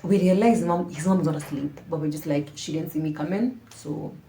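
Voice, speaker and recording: A woman recounts an embarrassing story for her vlog audience in a lively, slangy voice. She swings from dramatic emphasis to near-whispered asides. The room around her is echoey, with faint background noise. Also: low-pitched, normal speed. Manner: animated, dramatic, slangy, drops to hushed asides. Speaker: storytime vlogger. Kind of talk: casual storytelling to camera. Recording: roomy echo.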